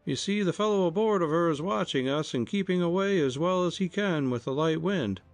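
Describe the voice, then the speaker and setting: Male reader voicing a steady young skipper, firm and resolute, pitched well up. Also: brisk, no echo, soft background music.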